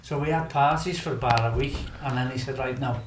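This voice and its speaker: Guesting on a podcast, a Liverpool man with a Scouse accent spins a wild, casual anecdote in a mid-range, slightly fast voice. He laughs a lot, curses freely and performs other people's lines, all in an echoey room with background noise.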